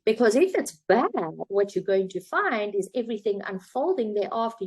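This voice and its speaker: A woman coach telling a parable and drawing a motivational lesson from it, in a chatty storytelling way with some fillers. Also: medium pitch. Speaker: self-help coach.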